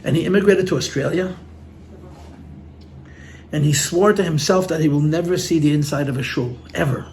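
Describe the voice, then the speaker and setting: A man with a fairly high, somewhat dark voice speaks at a moderate pace, pausing often, over a faint hiss or hum. Acting as a rabbi before a gathering, he tells stories earnestly and from the heart, repeating words and mixing in Yiddish and Hebrew terms. It's storytelling talk in a room with listeners.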